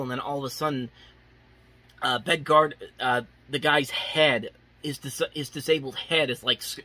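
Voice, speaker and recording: A young man talks through a movie review with loose, unscripted enthusiasm. His voice is bright and forward with a husky grain. He keeps restarting sentences and leaning on filler words. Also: mid-range voice. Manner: rambling, many restarts and "like" fillers.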